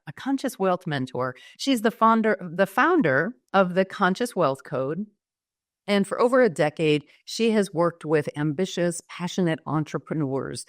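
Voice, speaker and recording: A woman's voice: lowish voice, no echo, studio quality. A woman from the United States hosting a podcast interview, effusive and enthusiastic. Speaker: podcast host.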